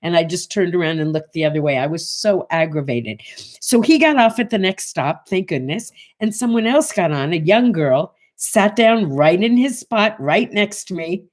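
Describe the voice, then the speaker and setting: A woman's voice: fairly low pitch, normal speed. A woman in her sixties hosting a morning show, telling a casual story and acting out the voices of the people in it. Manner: animated, acts out voices in her anecdotes.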